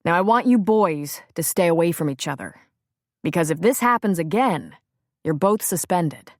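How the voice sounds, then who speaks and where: A woman's voice: lowish voice, animated, moderate pace, a little mellow, dry recording, clean studio sound, natural voice. A woman narrator voicing a stern, blunt middle-aged male school principal. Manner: blunt, firm.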